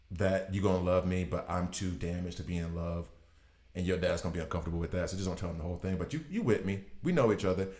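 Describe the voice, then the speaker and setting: A man putting on the voice of a brooding grown male superhero mentor, speaking low, hushed and persuasive. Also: natural voice. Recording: roomy echo.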